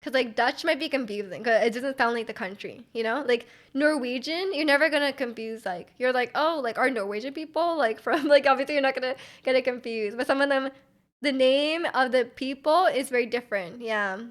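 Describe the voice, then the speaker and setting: A young woman chatting casually on a live stream, her voice sitting a little high. She rambles loosely, fills her talk with "like" and giggles between thoughts. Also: fairly quick. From Vancouver, Canada. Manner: rambling, filler-heavy with frequent "like", giggly. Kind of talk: casual chat, reading out chat.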